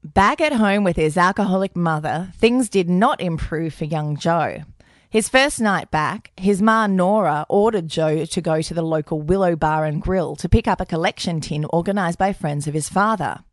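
A woman's voice: lowish voice, moderate pace, no echo. A woman co-hosting a podcast, narrating a true-crime story in a dry, matter-of-fact way. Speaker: podcast co-host.

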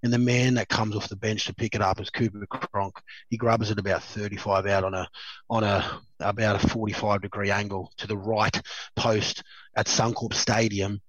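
A man's voice: fairly low pitch, little pitch movement, normal speed, fairly bright tone, dry recording. An Australian man in his thirties, a former rugby league player telling stories as a guest in a casual chat, rambling with lots of fillers and laughs. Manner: rambling, laughs a lot, many fillers and restarts. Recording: slightly dull dry recording.

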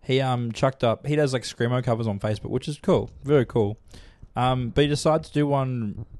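Young kiwi guy, chill sweary banter, average pitch. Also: a little fast, darkish tone, no echo. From New Zealand. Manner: laid-back, sweary banter. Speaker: podcast co-host. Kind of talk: casual chat.

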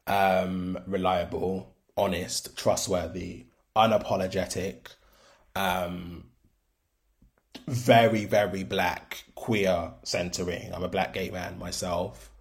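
A man's voice: low-pitched, flat delivery, takes it slowly. A young man with a Birmingham accent that drifts toward London, hosting a casual solo podcast in a frank, chatty way full of ums and likes. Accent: Birmingham (Brummie), shifting toward London. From Birmingham, England. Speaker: podcast host.

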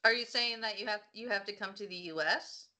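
A woman in casual podcast chat, easygoing and quick to giggle. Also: mid-range voice, steady tone, sharp tone. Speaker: podcast co-host.

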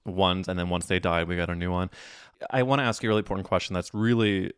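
A man hosting a casual chat podcast, playful and teasing, with an expressive delivery. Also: deep voice, quick pace, smooth, no echo, clean studio sound. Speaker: podcast host.

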